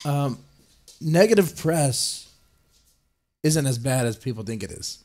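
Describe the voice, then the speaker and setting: A man's voice: medium pitch, expressive, slow pace, darkish tone. A man hosting a podcast, ranting and swearing and mocking the people he quotes in put-on voices. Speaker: podcast host. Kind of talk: ranting commentary.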